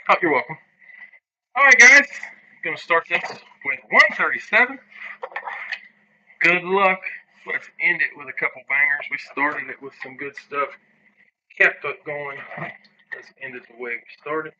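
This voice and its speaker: A man's voice: on the high side, normal speed, pauses often, bright, forceful tone, highs cut off. A man hosting a live sports card break stream, calling out the hits to his viewers in an upbeat, chatty way. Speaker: card break livestream host. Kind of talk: casual live stream commentary.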